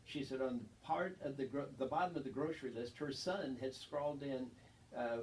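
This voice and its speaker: A man co-hosts a radio talk show, speaking calmly at an even pace and often pausing on um and uh. He is some way from the mic. A faint hiss runs behind him. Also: mid-range voice, far from the mic, low-quality recording. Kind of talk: casual radio chat.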